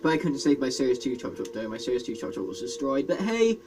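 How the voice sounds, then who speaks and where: A man's voice: medium pitch, very animated, quick pace, poor audio. A British man organizing a casual online group chat, teasing and bantering. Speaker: session organizer.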